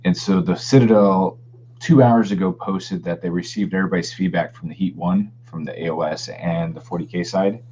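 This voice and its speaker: A low-voiced, mellow man chats loosely as co-host of a live show, trailing into fillers. The audio is dull and lo-fi with faint noise. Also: fairly even intonation, a little fast. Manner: chatty, rambling with fillers. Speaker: podcast co-host. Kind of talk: casual live-stream chat.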